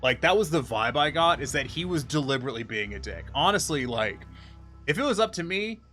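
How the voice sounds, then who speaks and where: A man streaming and venting about a frustrating customer. He sounds exasperated, swears freely and grows more animated as he talks. His tone is bright and forward, and faint game music plays underneath. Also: fairly high pitch, brisk. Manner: exasperated, profane, animated retelling. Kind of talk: casual storytelling on a live stream.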